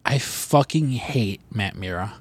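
A man co-hosting a podcast, talking in loose, profane, rambling banter with quick mock voices. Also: lowish voice, expressive, slightly rough, dry recording. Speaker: podcast co-host.

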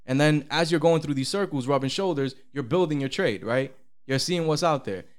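A man co-hosting a podcast in casual chat, animated and profane, with big pitch swings when he quotes people. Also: a little fast. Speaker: podcast co-host.

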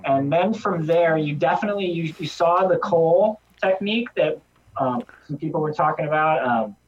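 A man's voice: on the high side, moderate pace. Hesitant man on a distant, muffled mic. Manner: relaxed, hesitant, with many ums and restarts. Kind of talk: casual chat.

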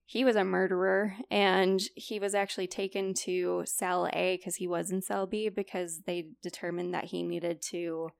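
A young woman with a lowish, gravelly voice talks casually as a podcast co-host. She retells stories by acting out who said what, leaning on "like" as a filler. The sound is close and dry. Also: level tone, normal speed, hardly any pauses, dry recording. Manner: chatty, retells stories with quoted dialogue, many "like" fillers. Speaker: podcast co-host presenting a report. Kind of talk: casual chat.

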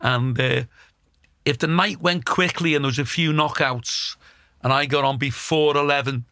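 A man's voice: on the high side, normal speed, sharp tone, no echo, studio quality. A middle-aged male comedian, telling blunt, sweary stories in casual chat. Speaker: comedian, podcast co-host.

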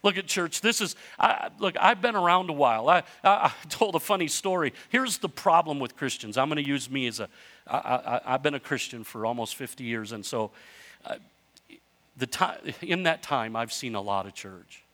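An older man preaching a sermon, telling stories in a conversational way with restarts and building to emphatic, animated runs. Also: medium pitch, normal speed. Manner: conversational storytelling with self-interruptions. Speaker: pastor.

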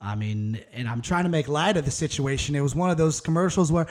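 A man's voice: a little high, fast talker. A man in his thirties hosting a solo podcast, talking in a candid, rambling, profane and casual way. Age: 30s. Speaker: podcast host.

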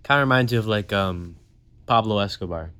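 A man's voice: fairly low pitch, brisk, bright, forceful tone, clean tone. A man co-hosting a casual podcast, throwing in wry, jokey comments. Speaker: podcast co-host.

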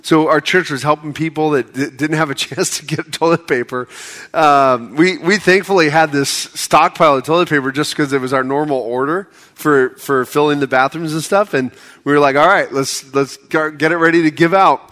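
A man's voice: a little high, steady tone, moderate pace, a bit bright. A middle-aged American man preaching a sermon in a conversational way, with joking asides that build to impassioned appeals. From United States. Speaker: pastor.

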